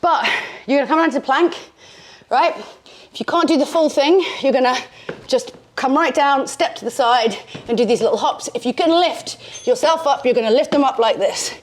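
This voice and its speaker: A woman's voice: high voice, normal speed. A woman leading a home workout, chatty and playful, poking fun at herself as she demonstrates moves in a small room. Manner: chatty, self-deprecating, playful. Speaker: fitness instructor. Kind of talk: casual workout instruction. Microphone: handheld microphone.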